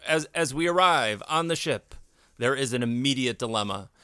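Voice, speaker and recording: A man's voice: mid-range voice, animated, normal speed, pushed and bright, smooth, no room sound, clean studio sound. A middle-aged man hosting a podcast, talking casually and enthusiastically and laughing a lot. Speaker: podcast host. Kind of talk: casual chat.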